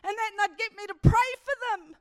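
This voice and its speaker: A woman preacher giving a church sermon, telling stories animatedly and building to emphatic high points. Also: steady tone, fairly quick, no echo. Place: church service.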